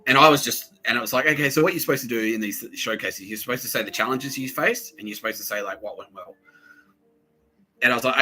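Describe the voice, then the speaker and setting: A man's voice: mid-range voice, quick pace, low-quality recording. A man in his thirties with an Australian accent, hosting a podcast and telling a rambling, profane story in a casual monologue. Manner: rambling, profane, animated quoted voices. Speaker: podcast host.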